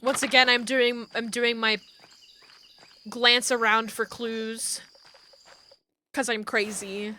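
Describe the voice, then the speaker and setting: A woman's voice: fairly high pitch, level tone, slow, long pauses, bright, forceful tone, slight background noise. A young woman streaming a game live, reading its text aloud and reacting with gasps, shrieks and lots of swearing.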